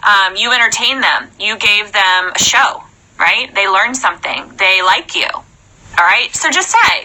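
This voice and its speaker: A young woman in a chatty, animated live-stream coaching talk, often checking in with "okay?". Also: mid-range voice, measured pace, poor audio. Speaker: sales trainer.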